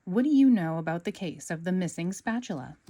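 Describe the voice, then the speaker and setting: A woman voicing a cheerful, eager young sea sponge fry cook in a storybook read-aloud, excitable and earnest. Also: on the low side, fairly quick.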